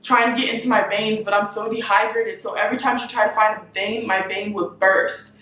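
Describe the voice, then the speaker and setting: A woman's voice: medium pitch, fairly even intonation, fairly quick, fairly bright tone, slight background noise. A young woman vlogger telling a personal story in a chatty way, with filler words every few words. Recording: roomy echo with faint ambience.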